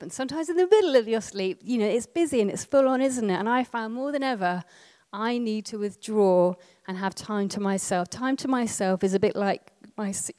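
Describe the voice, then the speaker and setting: A woman in her thirties giving a conversational teaching talk as a prayer ministry trainer, chatty, with quick asides and tag questions. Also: medium pitch, a little mellow.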